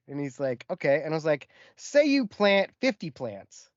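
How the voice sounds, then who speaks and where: Animated storytelling man on a podcast. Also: a little high, moderate pace, no echo, lo-fi sound. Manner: animated storyteller, acts out quotes. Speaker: podcast co-host. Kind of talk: casual storytelling chat.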